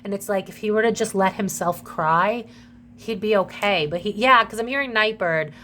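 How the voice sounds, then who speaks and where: A woman's voice: medium pitch, normal speed, sharp tone, a little hiss or hum. A woman doing a casual psychic tarot reading to her viewers, chatty and emotional, swearing freely.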